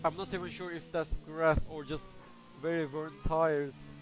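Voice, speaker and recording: A man's voice: on the high side, little pitch movement, measured pace. A man giving casual, hesitant live commentary on an online racing league, thinking aloud as he goes. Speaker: race commentator. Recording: music playing behind.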